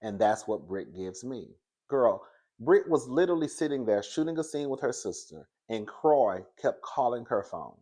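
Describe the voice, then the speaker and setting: A man gives a casual review of a reality TV episode in an animated, gossipy way. He laughs often and keeps calling the listener girl. His delivery stays loose and conversational. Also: medium pitch, normal speed. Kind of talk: casual commentary.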